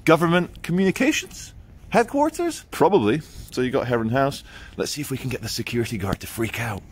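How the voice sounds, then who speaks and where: A man talks into a handheld phone as he walks city streets at dawn. His voice sits at an ordinary middle pitch, chatty and animated as he tells stories. Faint outdoor ambience hums behind him. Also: fast talker, slight background noise. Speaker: vlogger. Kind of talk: casual walking vlog. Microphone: handheld phone camera.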